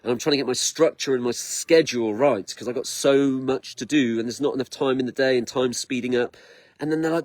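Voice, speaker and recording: A middle-aged man rambling through a personal vlog, excitable and quick to repeat himself, often tripping over his words. His voice sits at an ordinary middle pitch and sounds dry and close, with no room echo behind it. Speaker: vlogger. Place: outdoors in his garden.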